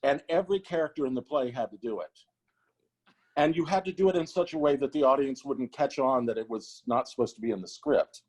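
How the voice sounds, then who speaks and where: A man appearing as a guest on an online chat over a video call, telling a funny story in a brisk, amused way. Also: mid-range voice, darkish tone, low-quality recording.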